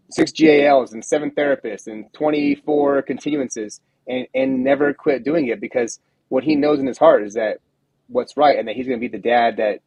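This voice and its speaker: A man's voice: mid-range voice, darkish tone, breathy edge, no room sound, low-quality recording. A man hosting a livestream interview, speaking encouragingly and repeating words as he starts sentences. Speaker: host.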